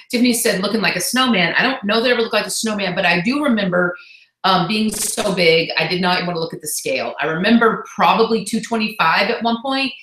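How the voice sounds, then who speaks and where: A woman's voice: mid-range voice, bright, forceful tone. Heartfelt, chatty woman in an echoey room. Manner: heartfelt and chatty, quick asides. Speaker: fitness business coach. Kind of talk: casual motivational live call.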